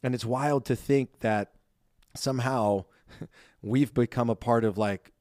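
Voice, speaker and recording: A man co-hosting a podcast in casual chat, earnest and heartfelt, talking in halting bursts full of fillers and restarts. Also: medium pitch, steady tone, darkish tone, no echo, clean studio sound. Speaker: podcast co-host.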